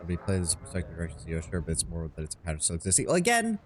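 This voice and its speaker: A man's voice: low-pitched, little pitch movement, racing, a little mellow, slight background noise. A man streaming a game, chatting casually and wryly as he thinks aloud. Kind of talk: casual gameplay commentary.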